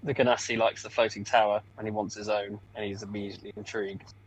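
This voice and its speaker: A man's voice: lowish voice, flat delivery, fast, slightly rough, dull audio. A man playing a tabletop game, hesitantly describing his character's actions with many fillers. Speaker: player.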